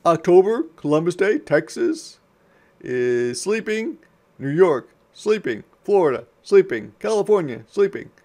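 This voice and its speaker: A man's voice: high-pitched, sing-song, measured pace, a little mellow. A male teacher giving an interactive read-aloud for young children, asking questions and answering his own prompts.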